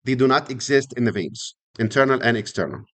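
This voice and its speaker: A man's voice: mid-range voice, expressive, fairly quick, a bit bright. A middle-aged man lecturing on anatomy, repeating key terms and asking students frequent questions. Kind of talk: classroom lecture.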